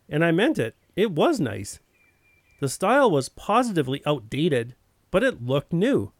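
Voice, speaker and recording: A man's voice: fairly high pitch, sing-song, normal speed, no room sound. A man telling a first-person story in a plain, wry narrating voice.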